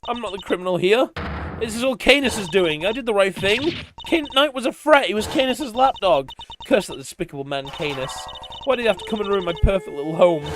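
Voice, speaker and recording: A man voicing a female prison warden who rants and curses in a shrill voice. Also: animated, a little fast, music in the background. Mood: hysterical rage. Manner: shrill, ranting, bitter. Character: unhinged woman prison warden, shrieking curses.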